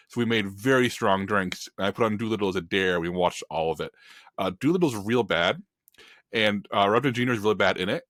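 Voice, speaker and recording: Man, film critic, rapid-fire animated rant, dry close-mic sound. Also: fairly low pitch, dry recording. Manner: animated, emphatic, opinionated ranting. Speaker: film critic on a podcast panel. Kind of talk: casual podcast chat.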